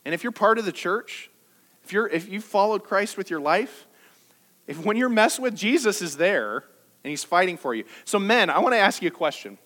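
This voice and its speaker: A man delivers a sermon in a bright, high voice that leaps up and down as he talks. He preaches like he's chatting with the congregation, teasing them with jokes and rhetorical questions. His tone swings with energy from line to line. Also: expressive, moderate pace. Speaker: pastor. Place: church service.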